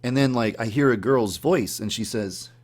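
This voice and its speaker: A man telling the story of a dream in a casual, animated way, acting out his own startled reactions in a higher voice. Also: normal speed. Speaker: YouTube channel host.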